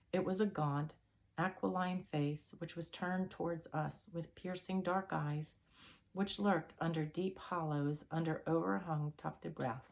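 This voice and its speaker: Low-voiced woman reading a classic mystery. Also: steady tone, a little slow. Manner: reads aloud with occasional throat-clearing. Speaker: audiobook reader. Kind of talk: storybook narration.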